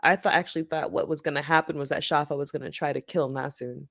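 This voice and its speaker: A woman in her thirties co-hosting a book club podcast, chatting casually, laughing easily and pausing with ums as she thinks. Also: low-pitched, steady tone, vocal fry, no echo, studio quality. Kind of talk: casual chat.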